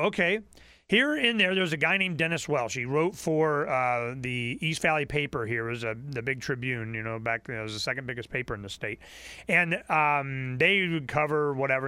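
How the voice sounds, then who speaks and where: A talk radio host delivering an impassioned call-in monologue, hammering his points again and again. His voice is a man's, sitting a bit high, with a tense, forceful edge. The sound is close and dry. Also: normal speed, smooth, dry recording. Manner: fervent, repetitive, ranting.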